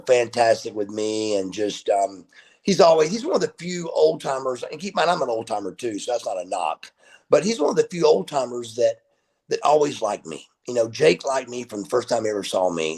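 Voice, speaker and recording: Gravelly, husky man telling stories. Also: mid-range voice. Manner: animated storyteller, swears freely. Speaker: guest. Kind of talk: casual storytelling interview. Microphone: video call.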